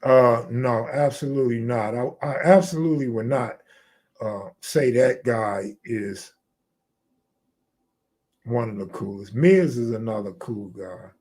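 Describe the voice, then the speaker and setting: A man's voice: mid-range voice, measured pace, a little mellow. A man hosting a live stream, chatting casually and answering his viewers in loose, slangy talk. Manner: loose, slangy, talks to chat and reads comments aloud.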